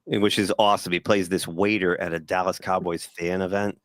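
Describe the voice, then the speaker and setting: A man co-hosting a casual sports talk show, telling stories with animated quoted voices. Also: deep voice, a little fast. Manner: animated storyteller, acts out quotes. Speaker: podcast co-host.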